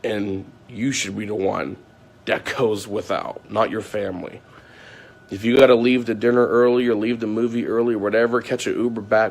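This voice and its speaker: A man's voice: fairly low pitch, steady tone, normal speed, darkish tone. A man vlogging, ranting at length to his viewers in an aggrieved, repetitive way, often swearing.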